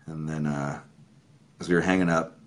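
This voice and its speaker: Deep-voiced man telling a story, swearing. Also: steady tone, normal speed. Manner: profane, emotional, laughs while telling. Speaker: musician hosting a livestream. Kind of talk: casual storytelling. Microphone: webcam or phone.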